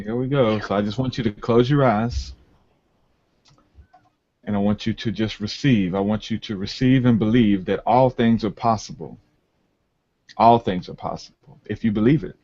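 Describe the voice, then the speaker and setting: A man's voice: on the low side, a little mellow, lo-fi sound. A man hosting a faith podcast, speaking earnestly and leading a healing prayer with repeated declarations. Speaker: podcast host and prayer minister.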